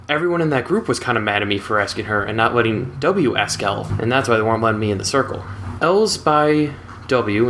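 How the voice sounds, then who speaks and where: A man's voice: medium pitch, slight background noise. Chatty young man telling a story. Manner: relaxed, chatty, wry. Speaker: storytelling channel host. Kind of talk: casual storytelling.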